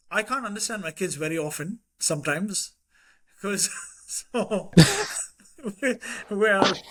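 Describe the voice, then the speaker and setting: Podcast guest: middle-aged man, Indian English accent, slightly high voice, lively anecdotal delivery. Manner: animated anecdotes with quoted voices and laughter. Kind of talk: casual conversational storytelling.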